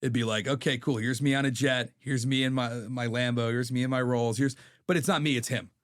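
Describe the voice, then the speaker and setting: A man's voice: medium pitch, steady tone, brisk. A man in his thirties, a podcast guest telling stories in a candid, profane way. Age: 30s. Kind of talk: casual chat.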